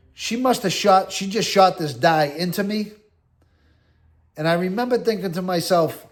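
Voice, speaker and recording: A middle-aged man with a somewhat high voice tells a story from his own life in a casual, animated way. He acts out what he and others said, dropping in salty slang as he goes.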